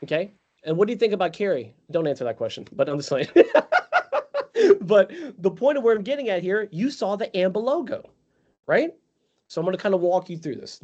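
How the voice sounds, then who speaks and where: A man's voice: on the high side, warm tone. A man leading a live virtual sales training, talking conversationally and calling on trainees by name. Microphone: video call. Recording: lo-fi video call audio.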